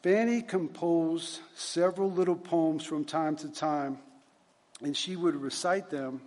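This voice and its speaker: A man telling a story in a relaxed, conversational way, restarting phrases and filling pauses as he goes. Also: a little high, long reverb tail. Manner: conversational, with frequent restarts and fillers. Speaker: speaker. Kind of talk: storytelling talk.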